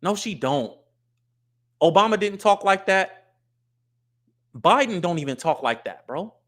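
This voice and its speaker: Blunt, fairly high-voiced man ranting on a livestream. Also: expressive, a little slow, a bit bright. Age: adult, married. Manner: blunt, emphatic, repeats his points. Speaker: livestream host. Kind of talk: casual livestream commentary.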